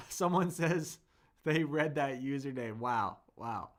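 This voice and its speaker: A man's voice: medium pitch, animated. Upbeat male Chinese tutor on a livestream. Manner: upbeat, chatty, slows down to model tones; reads viewer comments aloud and answers them. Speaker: Chinese teacher and livestream host. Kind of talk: live-streamed language lesson reading chat.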